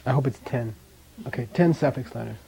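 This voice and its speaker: Relaxed male teacher, mellow voice. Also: medium pitch, a little fast, gravelly, slight background noise, rough recording. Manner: relaxed, casual, checks in with "okay?". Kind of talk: classroom language lesson. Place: classroom with students.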